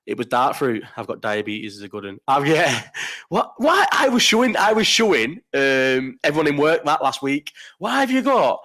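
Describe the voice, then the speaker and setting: A man's voice: medium pitch, big pitch swings, moderate pace, bright, forceful tone. Blunt, sweary man. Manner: blunt, swearing, rambling with restarts. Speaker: live stream host. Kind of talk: casual live chat.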